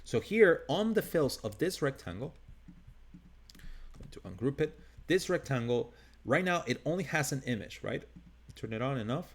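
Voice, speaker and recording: Brief: accented male instructor, live screen-share lesson, relaxed and upbeat, mid pitch, restarts sentences. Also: moderate pace, long pauses. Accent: non-native English. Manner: casual, upbeat, thinking aloud with restarts. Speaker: design instructor.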